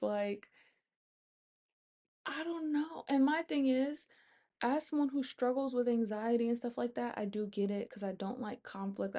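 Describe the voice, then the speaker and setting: Casual young woman vlogger venting. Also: a little high. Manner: conversational, animated retelling with quoted dialogue. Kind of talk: casual storytime chat.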